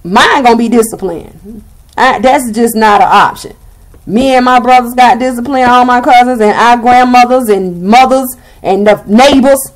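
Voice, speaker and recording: A woman's voice: a little high, normal speed. A young woman with a Southern US accent giving a blunt, sassy tarot reading and swearing freely. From Southern United States. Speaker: tarot reader.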